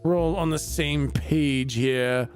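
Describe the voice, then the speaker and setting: A man's voice: on the high side, takes it slowly, soft background music. A man voicing a nervous, stammering male official with a monocle in a tabletop game. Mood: wary. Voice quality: stammering, flustered.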